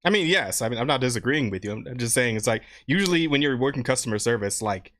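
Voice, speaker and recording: A woman's voice: extremely low pitch, lively intonation, quick pace, a bit bright. A woman co-hosting a podcast, reacting in a dry, skeptical way. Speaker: podcast co-host. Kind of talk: casual chat.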